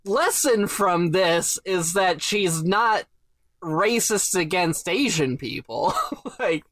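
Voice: medium pitch, animated, slow, fairly bright tone, dry recording. Podcast host, amused recap storyteller, dry close recording. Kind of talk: casual recap chat.

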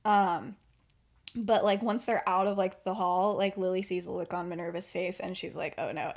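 A young woman talks through her own story in a casual, low-key way. Her pitch sits in an ordinary middle range, and she fills her sentences with "like" and "um". She keeps her voice hushed and steady as she narrates. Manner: chatty, many fillers, quiet storytelling voice. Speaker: podcast host and writer.

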